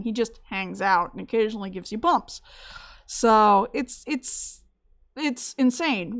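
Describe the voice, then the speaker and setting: A woman's voice: a little high, fairly bright tone. A woman giving a casual recorded biology lecture from home, chatty and digressive, laughing at her own stories. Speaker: biology instructor.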